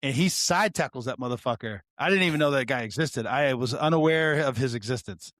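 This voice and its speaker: A man co-hosting a podcast, telling a story in loose, animated chat. He swears often and trips over his own restarts as he goes. His voice sits at an ordinary mid pitch and sounds close and dry, with no room echo. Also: fairly quick. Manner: profane, animated, frequent restarts. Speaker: podcast co-host, retired deputy.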